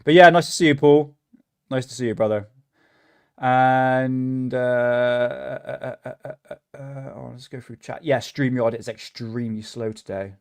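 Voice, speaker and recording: A man's voice: medium pitch, fairly even intonation, unhurried, creaky, no echo, clean studio sound. A man with a British accent hosting a casual livestream, rambling, swearing often and laughing at himself. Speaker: livestream host.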